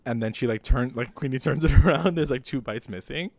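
A man's voice: mid-range voice, brisk, vocal fry, dry recording. Chatty man retelling a TV episode. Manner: animated retelling, acts out quotes, laughs often. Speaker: podcast co-host. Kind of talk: casual recap chat.

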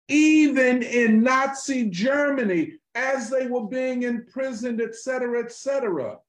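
A man talking politics in an animated, emphatic way, full of street slang and swearing. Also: sits high, echoey room, poor audio. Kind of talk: political conversation.

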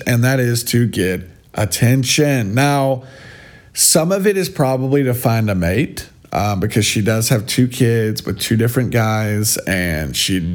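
A man giving sarcastic, mocking reaction commentary in a scornful tone. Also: medium pitch. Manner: mocking, scornful, drawn-out delivery. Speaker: vlogger.

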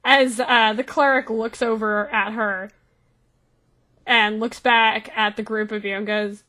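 A woman's voice: a little high, little pitch movement, a little slow, bright, forceful tone. A woman narrating as game master of a tabletop game, in a loose way with many fillers.

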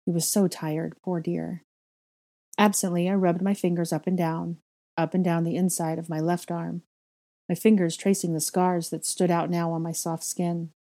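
A woman narrating fan fiction as an audiobook in a steady, measured reading voice. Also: lowish voice. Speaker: fanfiction reader.

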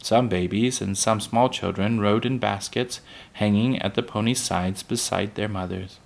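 A man reading a children's book aloud, unhurried, with small slips that he corrects. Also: on the low side, fairly even intonation, vocal fry.

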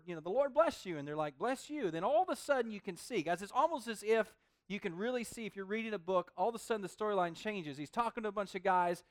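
A man preaching a sermon to a young crowd in an informal, animated way, often asking "okay?" and calling them guys. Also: high-pitched, dry recording, studio quality.

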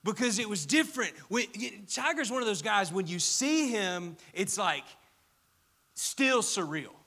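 A young man preaching a sermon, telling a personal story and asking the audience questions in an animated way. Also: high voice, measured pace. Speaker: pastor.

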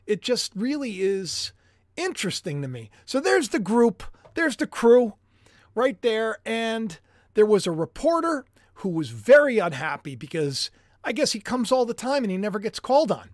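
A man hosting a livestream commentary show, excitable and animated, chatty with jokey asides. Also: sits high, normal speed, no room sound, clean studio sound. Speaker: host.

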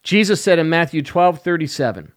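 A man preaching as an evangelist on a podcast, slow and emphatic, stressing key words. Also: fairly high pitch, animated. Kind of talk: podcast sermon.

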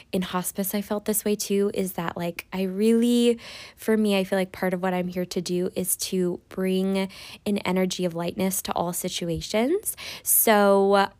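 A woman's voice: medium pitch, no echo. A woman hosting a spiritual podcast in a casual, rambling monologue. She is sniffly after crying, and her talk is playful and full of laughs. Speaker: podcast host.

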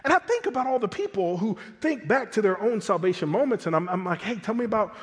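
A man preaching a sermon in an animated, conversational way, full of colloquial asides. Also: high voice, quick pace, long reverb tail. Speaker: pastor.

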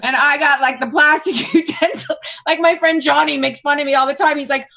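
Woman in her forties, slightly high voice, candid guest who swears freely. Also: steady tone, fairly quick, creaky, pushed and bright. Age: 40s. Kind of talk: casual chat.

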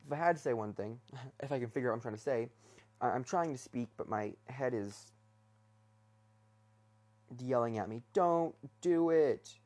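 A young man talks alone from his bed, feeling his way through a rambling monologue. He restarts his sentences, fills pauses with ums, and sounds self-conscious. His pitch sits in a middle range. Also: darkish tone. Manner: hesitant, many fillers and restarts, self-conscious. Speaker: podcast host. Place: bedroom.

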